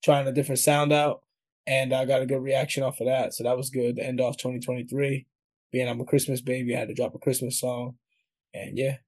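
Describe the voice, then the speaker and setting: A man's voice: mid-range voice, level tone, fairly quick, darkish tone. A man from New York with a New York accent, a guest chatting casually in an interview, slangy and laughing often. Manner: laid-back slangy talk, laughs often.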